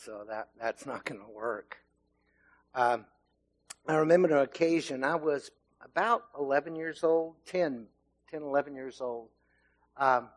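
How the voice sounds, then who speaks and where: A middle-aged man giving a sermon, telling a childhood story in a relaxed, conversational way with fillers, then reading scripture. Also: medium pitch. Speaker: lay preacher.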